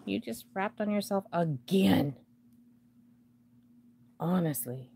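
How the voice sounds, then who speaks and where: A woman runs a live jewelry sale, talking in an unhurried, chatty way and laughing often. She talks right to the pieces as she sorts them. A faint hum sits under her voice. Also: lowish voice, expressive, vocal fry, mellow. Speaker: online jewelry reseller hosting a live sale. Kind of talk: casual live-stream chat while unboxing.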